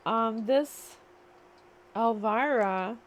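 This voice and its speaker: A woman psychic reader talks at an unhurried, drawn-out pace in a fairly high voice. She muses and asks questions aloud as she channels spirit.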